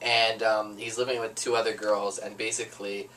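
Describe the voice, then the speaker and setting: A man's voice: on the low side, flat delivery, normal speed, pushed and bright, recorded from a distance, a little hiss or hum. A young adult man hosting a casual student show, laid-back and jokey, with lots of filler words. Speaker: host. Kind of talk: casual chat.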